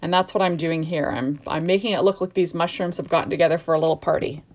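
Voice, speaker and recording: Middle-aged woman from Canada, lower voice, drowsy and gushing, casual crafting chat. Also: steady tone, fast, a little mellow. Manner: chatty and gushing, rambling asides. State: sleepy, yawning. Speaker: card-making crafter. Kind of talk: casual crafting tutorial narration. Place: home craft desk.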